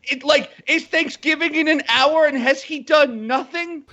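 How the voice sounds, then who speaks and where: A podcast co-host making sarcastic, wry comments in casual commentary. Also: male voice, extremely high pitch, a little slow, bright, forceful tone, lo-fi sound.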